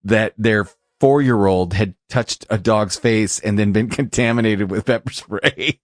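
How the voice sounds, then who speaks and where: Lower-voiced man hosting podcast banter. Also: unhurried, no echo, studio quality. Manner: joking, crude banter. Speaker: podcast host. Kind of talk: casual podcast chat. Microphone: studio podcast mic.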